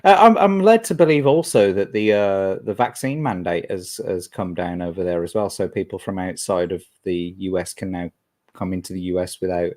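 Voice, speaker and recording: Podcast host, lowish voice, loose and profane banter. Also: male voice, normal speed, darkish tone. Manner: swearing, joking, loose and rambling. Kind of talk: casual podcast chat.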